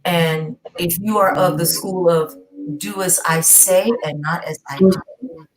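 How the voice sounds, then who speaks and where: Her voice is on the low side, slow and fairly even in intonation. This middle-aged guest from New York, whose roots are Southern, tells stories forcefully in a casual chat, punctuating them with a rhetorical "okay?"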